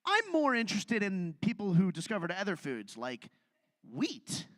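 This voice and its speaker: A man's voice: high-pitched, huge pitch swings, moderate pace, fairly bright tone, dry recording. A man doing a live stand-up set on a theatre stage, telling self-deprecating stories in a conversational way. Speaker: stand-up comedian.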